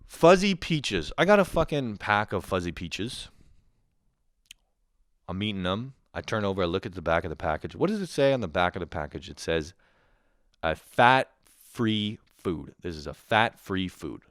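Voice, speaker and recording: A man's voice: deep voice, sing-song, moderate pace, dry recording, clean studio sound. A man around thirty hosting his own show, ranting profanely and with exasperation, acting out imagined quotes along the way. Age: 30s. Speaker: podcast host. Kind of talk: comedic rant.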